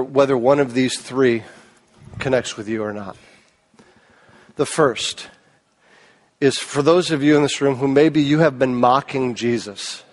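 A man preaching a sermon as a pastor, animated, with hushed low moments and raised emphatic peaks.

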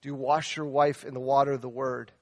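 Brisk and flat in delivery, a mid-range male voice preaches as pastor, passionately and directly questioning the congregation's men. He moves between loud exhortation and soft, earnest asides, with no room sound.

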